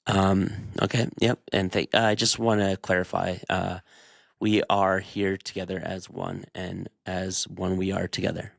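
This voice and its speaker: A man's voice: low-pitched, flat delivery, a little slow, gravelly, no echo, clean studio sound, pitched below the performer's own voice. A man putting on an evasive politician who rambles in empty phrases with many ums.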